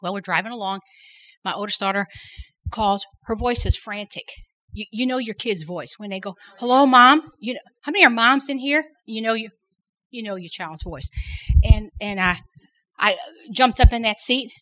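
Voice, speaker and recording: A woman's voice: mid-range voice, normal speed, fairly bright tone, rough recording. A middle-aged woman sharing a faith testimony at a women's workshop, earnest and repeating words for emphasis. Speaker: women's conference workshop speaker.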